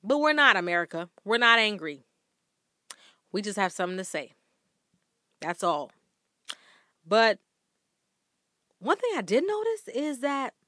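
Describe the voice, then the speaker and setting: A woman's voice: medium pitch, bright, forceful tone, no room sound, clean studio sound. A woman vlogger speaking earnestly and emphatically to her viewers from a room at home. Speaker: vlogger sharing workplace faith tips. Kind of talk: candid talk to camera.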